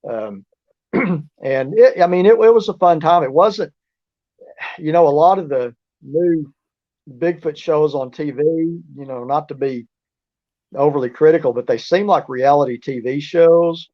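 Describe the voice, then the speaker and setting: A man's voice: on the high side, a little slow. Guy rambling thru a story, lots of uh and restarts, muffled lo-fi audio. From southeast Oklahoma. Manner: rambling, with many restarts and fillers. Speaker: guest, researcher and author. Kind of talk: casual storytelling interview.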